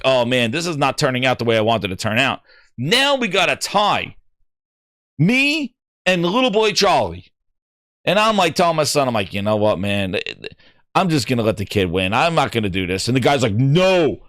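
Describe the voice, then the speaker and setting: A middle-aged man hosting a gaming show, telling an excitable story and acting out what other people said. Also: medium pitch, no echo, studio quality. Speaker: gaming podcast host. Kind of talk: animated storytelling.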